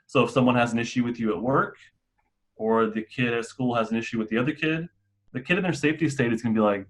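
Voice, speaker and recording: A man's voice: medium pitch, fast, fairly bright tone. A man who works as a mental health clinician, presenting a staff and parent training in a casual, explanatory way with occasional restarts.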